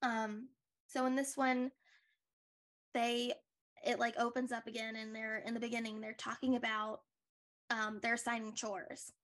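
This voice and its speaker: A woman's voice: fairly high pitch, little pitch movement, measured pace, long pauses, a bit bright. A young woman co-hosting a podcast, chatting casually and rambling with lots of likes and restarts. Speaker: podcast co-host. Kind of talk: casual recap chat.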